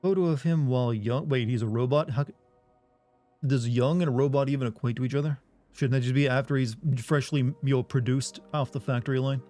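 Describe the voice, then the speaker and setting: A man hosts a live game stream and keeps up a wry, joking commentary. He reads in-game messages aloud in a mellow, relaxed voice. Faint music runs underneath. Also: medium pitch, brisk.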